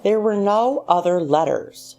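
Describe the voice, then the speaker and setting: A woman's voice: medium pitch, expressive, a little slow, darkish tone. A woman reading a husband's lines, a middle-aged man with an irritable, needling way of talking. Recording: faint music underneath.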